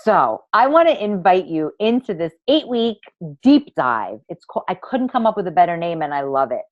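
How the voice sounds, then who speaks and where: A woman's voice: lowish voice, big pitch swings, normal speed, no echo, muffled recording. A woman hosting a live online masterclass for women, talking in a theatrical, emphatic, gushing way and swearing freely. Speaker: online workshop host and women's coach.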